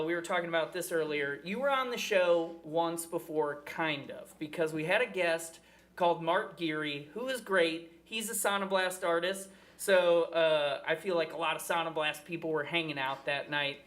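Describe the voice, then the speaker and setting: A man's voice: fairly high pitch, normal speed. A man hosting a live talk show at a music venue, joking, swearing freely and hyping up the crowd. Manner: joking, swears freely, loud hype announcements.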